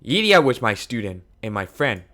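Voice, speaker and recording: A man reading a game aloud, voicing an older male scientist mentor who speaks in a quiet, measured, sorrowful way. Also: medium pitch, big pitch swings. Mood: somber.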